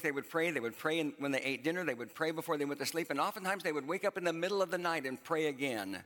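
A man preaches a sermon from a stage in a bright, forceful voice. He talks to the congregation in a conversational way and repeats phrases for emphasis. His voice carries a long reverb through a church hall. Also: on the high side. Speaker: pastor.

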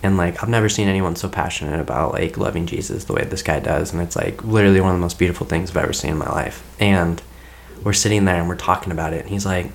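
A man's voice: deep voice, steady tone, quick pace, creaky. A young man, a podcast guest, telling a personal story in a rambling, casual way, filling his speech with "like.". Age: young adult. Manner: rambling, heavy use of "like" as filler.

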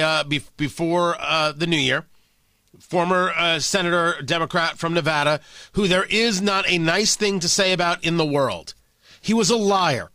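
A combative male talk host delivers a sarcastic political monologue. His voice sits high and swings widely in pitch. The tone is bright and the sound dry and close. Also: no room sound.

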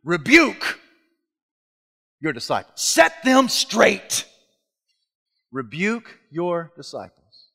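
High, gravelly preacher in a hall. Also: male voice, drawn-out words, long pauses. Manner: animated, rhetorical questions, swings from hush to shout. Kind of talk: sermon. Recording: long reverb of a large hall.

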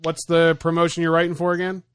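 A man's voice: a little high, monotone, fast talker, clear, resonant tone, no room sound. A man hosting a podcast, talking casually with friends, swearing freely and reading out lists. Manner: laid-back, swears freely, reads lists aloud. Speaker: podcast host.

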